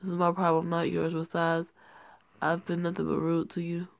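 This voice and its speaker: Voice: mid-range voice, monotone, moderate pace, vocal fry, no room sound, natural voice. A reader voicing a guarded, snappy young woman, the daughter of a mafia boss. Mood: defensive.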